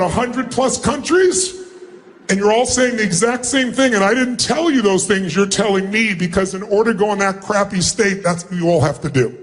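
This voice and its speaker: A middle-aged man as a motivational speaker, addressing a huge live seminar crowd in an emphatic, commanding way and often shouting instructions. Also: high voice. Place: large event hall with thousands of people.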